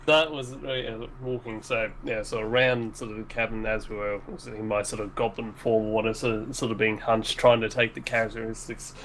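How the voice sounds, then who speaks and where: A man's voice: on the low side, flat delivery, brisk, hardly any pauses, a bit bright, a little hiss or hum, poor audio. A man playing a tabletop game, rambling and hedging with lots of fillers as he describes his moves. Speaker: player. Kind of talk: casual tabletop game chat.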